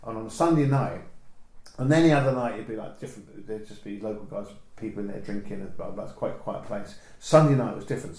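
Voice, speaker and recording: A man's voice: on the low side, darkish tone, echoey room, poor audio. A man with a southern English accent, a photographer telling meandering stories in a casual interview. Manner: meandering, chatty storytelling.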